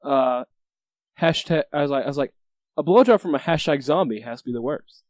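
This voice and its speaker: A man's voice: mid-range voice, animated, fairly quick. A teenage man co-hosting a casual podcast, giggling, echoing his friend and cracking crude jokes. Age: teens. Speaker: podcast co-host. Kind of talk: casual chat.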